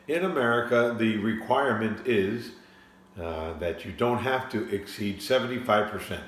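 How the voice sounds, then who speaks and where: A low-voiced man speaks casually to his viewers about wine and keeps circling back on his words. His voice bounces around an echoey home studio. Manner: rambling, with frequent restarts. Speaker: sommelier and wine vlogger. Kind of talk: casual explainer talk to camera.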